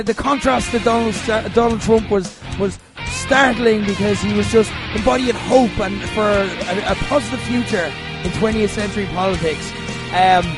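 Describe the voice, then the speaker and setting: A man hosting a casual podcast chat, slightly unwell and chatty, laughing often between asides. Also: high-pitched. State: unwell, voice failing. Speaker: podcast host.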